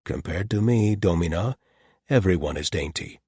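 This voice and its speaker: A man voicing a large, dry-humored male paladin captain, with deadpan wit. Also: sits low, normal speed, husky, no echo, heavily acted.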